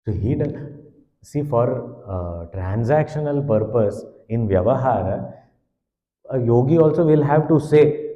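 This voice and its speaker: A man teaches scripture as a swami, sprinkling in Sanskrit terms and pressing his points with animated emphasis. His voice sits at a middle pitch. The sound is dull and carries a long, roomy hall echo. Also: unhurried, pauses often. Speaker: swami giving a scripture talk. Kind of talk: spiritual discourse.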